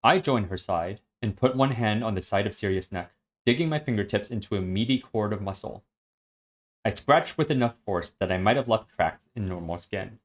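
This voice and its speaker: A man reading a web serial aloud on a stream, steady and matter-of-fact. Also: fairly low pitch, moderate pace.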